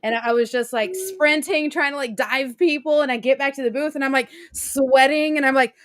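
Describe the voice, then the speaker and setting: Young woman cohost, animated storyteller, bit high voice, giggly. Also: moderate pace. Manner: animated, excitable, laughs often. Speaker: co-host. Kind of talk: casual storytelling chat.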